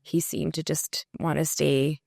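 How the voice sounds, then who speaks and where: Woman guest, low gravelly voice, reflective and candid, dry close sound. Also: level tone, a little slow, a little mellow, no echo. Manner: candid, reflective, many fillers. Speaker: musician guest. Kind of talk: casual interview talk.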